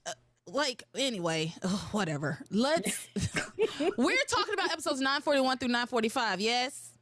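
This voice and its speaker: A young adult woman hosting a podcast in casual, animated chat, exclaiming and swearing freely. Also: a little high, moderate pace, no room sound. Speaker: podcast host.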